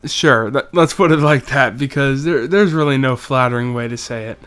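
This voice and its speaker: A man's voice: medium pitch, moderate pace, a bit bright, clear, resonant tone. A young man giving casual, joking commentary over a football video game, rambling through stats and doing mock play-by-play. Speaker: gaming YouTuber.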